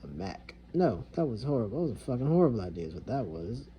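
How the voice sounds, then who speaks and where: A man's voice: mid-range voice, very animated, quick pace, mellow, muffled recording. A young man venting in a rambling, frustrated way, swearing heavily as he talks to the camera. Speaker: vlogger. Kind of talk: casual venting monologue.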